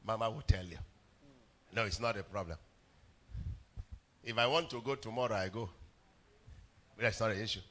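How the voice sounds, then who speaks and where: A male pastor preaching a sermon in church, telling stories, often stammering on words and building up to shouts. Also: fairly low pitch, normal speed, pauses often. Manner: storytelling preacher, rising to shouts, stammered repeats. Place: church hall.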